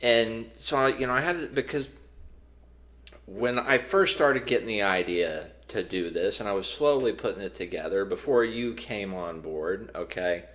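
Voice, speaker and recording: A man's voice: fairly low pitch, normal speed, fairly bright tone. A man co-hosting a podcast in casual chat, telling a long story with many restarts and fillers. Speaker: podcast co-host.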